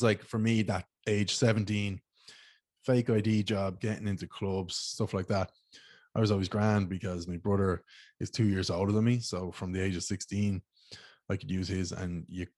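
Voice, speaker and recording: Deep-voiced Irish man rambling with slang. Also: a little mellow, breathy edge, dry recording. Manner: rambling, slangy, swears freely. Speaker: podcast host. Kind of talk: casual storytelling monologue.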